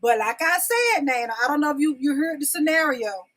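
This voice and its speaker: High-voiced woman hosting a live stream. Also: expressive, brisk, a bit bright, poor audio. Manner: coaxing, repeats questions to the live chat; folksy, addresses viewers as y'all and babies. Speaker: talk show host. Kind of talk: live-stream casual talk to viewers.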